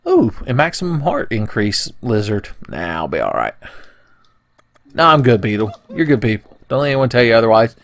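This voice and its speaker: A man's voice: mid-range voice, huge pitch swings, moderate pace, a bit bright. A young man casually commentating a video game playthrough, joking, swearing and putting on silly voices. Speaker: let's play commentator.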